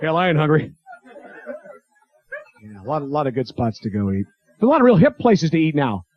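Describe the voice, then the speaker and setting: Animated man doing stand-up. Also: mid-range voice. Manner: animated, does quick character voices and crowd work. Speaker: stand-up comedian. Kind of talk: stand-up routine. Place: comedy club stage with live audience. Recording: dull lo-fi 1980s club tape.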